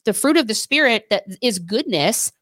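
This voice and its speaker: A fairly high-pitched woman talks through a casual faith discussion as co-host. She tells lively stories, repeats her points for emphasis and restarts sentences mid-thought. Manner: animated storyteller, quick restarts and emphatic repetition. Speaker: podcast co-host.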